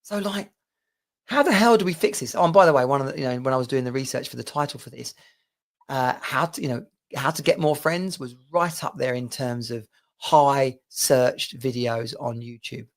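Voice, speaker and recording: A middle-aged Englishman chats to camera in a rambling, personal monologue. His mid-pitched voice has a gravelly, creaky edge. He talks loosely, with plenty of asides and restarts. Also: moderate pace. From England. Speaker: vlogger.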